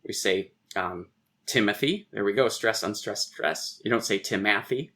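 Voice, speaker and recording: A man with a lowish voice talks through the mechanics of poetic meter as a podcast guest. He chants out stress patterns and recites lines of verse to make his points. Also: fairly even intonation, normal speed, fairly bright tone. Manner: taps out rhythms aloud and recites verse lines. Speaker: poet and philosopher, guest. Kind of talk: explaining verse meter in conversation.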